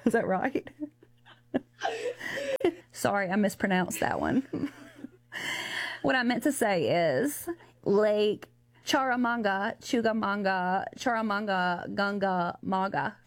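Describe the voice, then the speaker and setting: A woman's voice: medium pitch, expressive, slow pace, pauses often, background noise. A woman on a radio show, playfully reading a list of place names and hamming up the mispronunciations.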